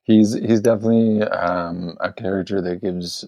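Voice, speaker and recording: Deep gravelly man talking film. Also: steady tone, normal speed, dark tone, dry recording, muffled recording. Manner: rambling, hesitant, many fillers. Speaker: podcast host. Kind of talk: casual film discussion.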